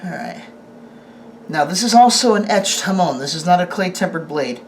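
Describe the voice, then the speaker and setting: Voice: mid-range voice, lively intonation, slight background noise. Rambling sword reviewer with restarts. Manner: rambling, halting, with frequent restarts; chatty, asks the camera operator questions. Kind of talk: casual product review.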